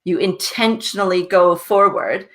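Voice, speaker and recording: Speaking at a measured pace, this woman has a fairly low, slightly bright voice. She's a success coach guesting on a podcast, sharing her story in an earnest, casual way and frequently tossing in "right?" with a soft laugh.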